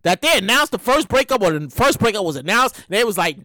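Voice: mid-range voice, fairly quick, hardly any pauses, no echo, studio quality. A solo show host giving casual, rambling celebrity news commentary, slangy and profane, repeating lines for effect. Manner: animated, rambling, repeats lines, curses freely; slangy, conversational delivery.

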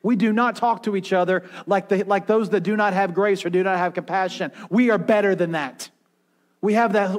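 A man pastor preaching a sermon, swinging from intense raised passages to hushed quiet ones and acting out voices as he retells. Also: high voice. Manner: preaching with rising intensity and dramatic quiet drops; acts out quoted voices in his retelling.

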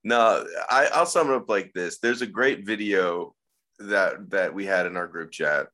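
A man's voice: low-pitched, unhurried, pushed and bright. A man co-hosting a podcast, telling stories with sarcasm and profanity. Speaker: podcast co-host. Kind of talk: casual wrestling podcast chat.

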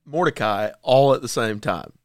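A man's voice: mid-range voice, normal speed, dry recording. A male co-host making wry quips in a casual commentary chat, with hesitant restarts. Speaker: talk show co-host.

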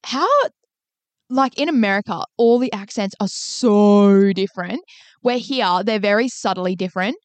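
A woman's voice: medium pitch, a little slow, no echo. A woman, co-hosting a casual podcast chat, swearing and rambling. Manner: sweary, rambling, laughs often. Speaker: podcast co-host.

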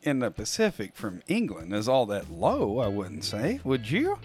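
A man's voice: medium pitch, wildly swooping pitch, normal speed, darkish tone, soft background music. An American man co-hosting a podcast in casual banter, joking and arguing back. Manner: joking, contrarian, slips into mock accents. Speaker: podcast co-host.

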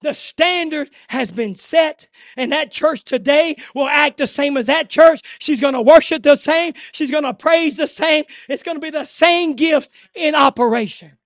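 High-pitched shouting preacher man. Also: unhurried, no echo, clean studio sound. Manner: fervent preaching that swings from hushed to shouting. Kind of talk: sermon.

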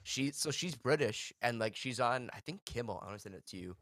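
A male podcast co-host rambles through casual chat with lots of fillers. His mid-range, expressive, fairly bright voice is brisk, with clean studio sound and no room sound.

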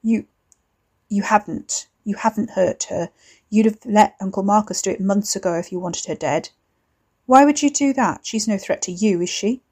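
A woman's voice: medium pitch, moderate pace, warm tone, husky. A woman voicing a tense young man who answers in clipped, bitter, defensive lines.

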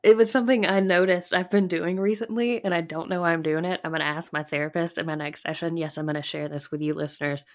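A woman co-hosting a podcast, talking casually with animated exclamations. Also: fairly low pitch, fast, hardly any pauses. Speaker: podcast co-host.

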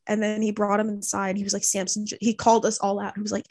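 A woman's voice: medium pitch, little pitch movement, brisk, hardly any pauses, a little mellow, no echo. A young woman in casual chat, telling a family story with many fillers and acting out what her relatives said. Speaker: podcast co-host.

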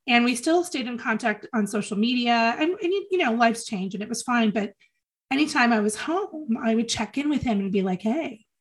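Woman guest, earnest and halting, repeats herself for weight; heartfelt personal recollection. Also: fairly high pitch, slightly rough. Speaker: podcast guest. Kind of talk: emotional personal reminiscence.

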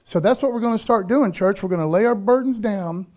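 High-voiced man preaching a casual sermon. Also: brisk, a little mellow. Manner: conversational preaching, peppered with "man" and "okay?". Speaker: pastor.

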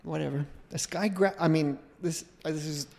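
A middle-aged man, a podcast guest, telling a long casual anecdote in a rambling, animated way, often breaking off and restarting. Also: a little high, normal speed, big-room sound. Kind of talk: casual storytelling.

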